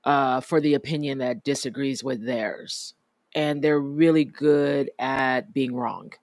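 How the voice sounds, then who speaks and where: A man's voice: medium pitch, fairly even intonation, slow pace, dry recording. A man co-hosting a podcast, making his point emphatically and repeating phrases. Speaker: podcast co-host. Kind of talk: casual opinionated chat.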